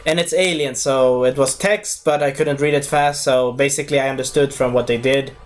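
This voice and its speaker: A man's voice: medium pitch, steady tone, a little fast. A man giving a casual spoken movie review, rambling, losing his thread and correcting himself as he goes.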